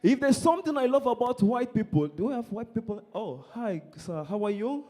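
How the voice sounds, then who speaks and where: A man's voice: extremely high pitch, sing-song, brisk, dark tone. A young man from Nigeria with a Nigerian accent, performing live stand-up comedy and teasing the crowd.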